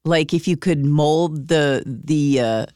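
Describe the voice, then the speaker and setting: A woman's voice: deep voice, slow, warm tone, dry recording. A middle-aged woman co-hosting a family trivia podcast, with dry, self-mocking banter as she guesses answers. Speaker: podcast co-host and trivia contestant. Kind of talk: casual radio podcast chat.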